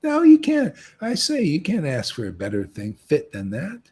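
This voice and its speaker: Animated husky man preaching. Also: medium pitch, moderate pace. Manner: casual, animated, says "man" often, acts out quoted voices. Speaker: spiritual teacher. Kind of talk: informal devotional talk.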